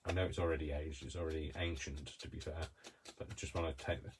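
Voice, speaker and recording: A man's voice: very deep voice, steady tone, fast talker, noisy background. A man with a Coventry accent giving a casual crafting demonstration, chatty and rambling, talking to himself as he works at his desk. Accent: Coventry English. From Coventry, England. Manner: chatty, rambling, talks to himself while working. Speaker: craft tutorial host.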